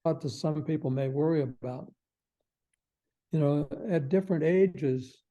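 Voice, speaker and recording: A man's voice: fairly high pitch, measured pace, warm tone, dull audio. An older man, a guest expert on a podcast, explaining in a folksy way and acting out little quoted phrases with chuckles.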